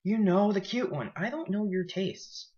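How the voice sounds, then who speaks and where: A man's voice: high voice, measured pace, a little mellow, voice pushed up. Young guy doing a drunk frat-ish dude, cocky and pushy, kinda muffled lo-fi sound. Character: drunk male college guy, pushy and boastful.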